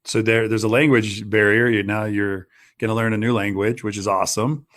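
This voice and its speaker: A man's voice: lowish voice, little pitch movement, brisk, a bit bright. A middle-aged man hosting an interview, enthusiastic and encouraging, asking probing questions. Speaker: podcast host. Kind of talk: casual interview.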